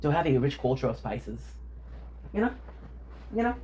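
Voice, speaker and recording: A man's voice: medium pitch, very animated, moderate pace, warm tone, a little hiss or hum. A man streaming from his home kitchen, chatting casually with viewers in a playful, teasing, joking way. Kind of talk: casual live-stream chat.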